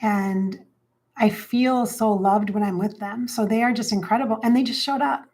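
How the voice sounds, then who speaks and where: Host, woman, late forties, chatty and bubbly, sings bits between talk, slightly high voice. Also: fairly even intonation, moderate pace, darkish tone. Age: 40s. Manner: chatty and bubbly, breaks into singing. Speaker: psychic livestream host. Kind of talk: casual livestream chat.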